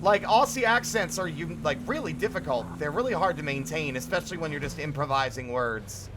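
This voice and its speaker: Male streamer with a lightly raised voice. Excitable, jokey, swears freely. Desk mic with a clear car engine rumble behind. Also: a little fast. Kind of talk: casual live-stream chat while gaming. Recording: constant car engine noise from the game.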